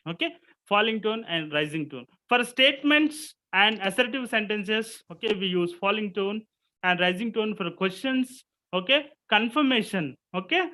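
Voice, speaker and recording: Bright-voiced Indian English male lecturer. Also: high-pitched, animated, normal speed, poor audio. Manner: frequent tag "okay?", repeats key words for stress. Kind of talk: online lecture on spoken English.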